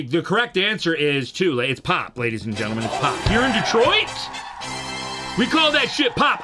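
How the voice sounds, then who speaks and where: A man's voice: medium pitch, bright, forceful tone, a little hiss or hum. A young man, rambling and joking profanely as he chats with his livestream audience. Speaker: streamer. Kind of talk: casual livestream chat.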